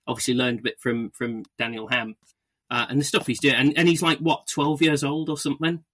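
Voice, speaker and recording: Bright-voiced, stammering male podcast host. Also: mid-range voice, level tone, a little fast. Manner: stammering restarts, enthusiastic. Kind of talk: casual chat.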